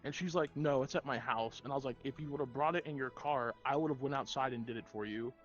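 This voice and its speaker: A man's voice: medium pitch, quick pace, muffled recording, faint music behind. A man who works at a gun store, chatting casually on a gaming stream and telling a story by acting out both sides with plenty of swearing. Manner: profane, tells anecdotes by acting out both sides.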